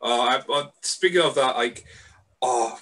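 A Scottish man hosting a podcast, chatting in a relaxed, hesitant way full of fillers. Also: medium pitch, a little slow. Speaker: podcast host. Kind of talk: casual podcast chat.

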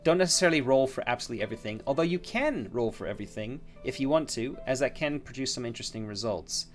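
A man plays and narrates a solo tabletop fantasy game by himself. He thinks aloud, wanders through fillers and restarts, and talks at an ordinary middle pitch. Soft guitar music plays underneath. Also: lively intonation, quick pace. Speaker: solo game master and player.

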